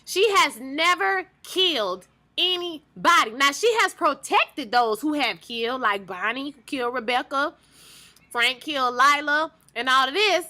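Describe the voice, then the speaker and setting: High, bright-voiced woman recapping a show. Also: a little slow. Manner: animated, emphatic, talks straight to viewers. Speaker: TV recap vlogger. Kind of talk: casual recap chat.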